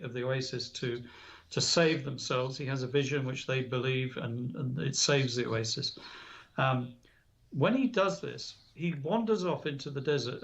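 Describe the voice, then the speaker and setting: Gravelly guy telling a spiritual story on the radio, earnest, kinda muffled audio. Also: medium pitch. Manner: earnest, retells a story with quoted dialogue. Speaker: guest speaker on spiritual alchemy.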